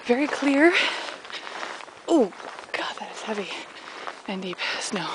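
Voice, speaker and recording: A woman vlogging while she trudges through deep snow, chatty and out of breath, narrating to her handheld camera. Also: expressive, slow. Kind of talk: casual walking commentary. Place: outdoors in deep snow on a street and in a park. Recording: noisy outdoor camcorder audio.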